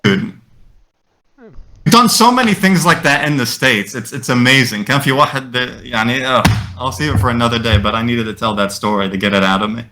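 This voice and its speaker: A man co-hosting a podcast, telling a story in a lively, casual way, swearing freely and slipping in Arabic phrases. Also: mid-range voice, quick pace, slight background noise. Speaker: podcast co-host.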